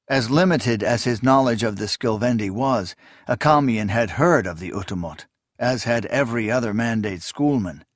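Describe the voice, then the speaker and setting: A man reading fantasy fiction aloud as a narrator, in a measured, even storytelling manner. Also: mid-range voice, dry recording, studio quality. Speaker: audiobook narrator.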